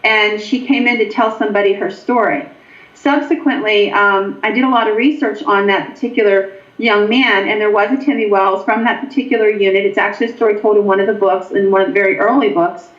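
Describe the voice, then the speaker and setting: A woman's voice: mid-range voice, steady tone, a little fast. A woman, a guest paranormal investigator, telling a long ghost anecdote with frequent ums. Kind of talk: storytelling in a show interview. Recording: echoey, dull lo-fi line.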